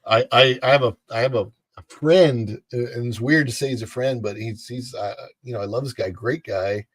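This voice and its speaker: A man's voice: mid-range voice, moderate pace, no echo. A man co-hosting a casual chat show, talking in a rambling, opinionated way with lots of restarts. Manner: rambling, many fillers and restarts. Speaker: co-host.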